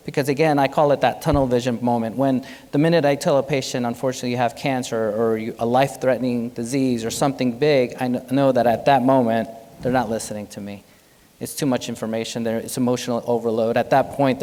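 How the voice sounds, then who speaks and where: Male physician, keynote speaker, casual and lively, roomy hall reverb. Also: medium pitch. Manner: animated, conversational, jokes with the audience. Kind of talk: conference keynote talk. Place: large hotel conference hall.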